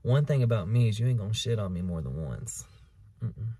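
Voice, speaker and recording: A man hosting his own podcast in a candid, profane, emotional monologue, sometimes loud and sometimes hushed, recorded outdoors in a park on the camera's mic. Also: on the low side, animated, brisk, breathy edge, dry recording. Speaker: podcast host. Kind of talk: confessional solo podcast monologue. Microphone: camera recording him.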